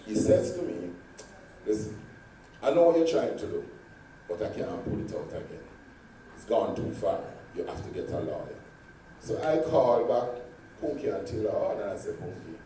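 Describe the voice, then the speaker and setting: A man telling stories in a convention speech, swinging dramatically between loud and hushed. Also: fairly low pitch. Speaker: convention speaker. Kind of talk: storytelling speech. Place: large convention hall. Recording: echoey hall from far off, faint noise.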